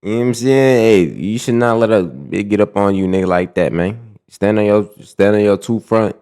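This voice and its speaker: A man's voice: fairly low pitch, normal speed, mellow. A young man reacting to clips in loose, slangy banter, rambling and restarting as he talks. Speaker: reaction streamer. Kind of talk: casual reaction commentary.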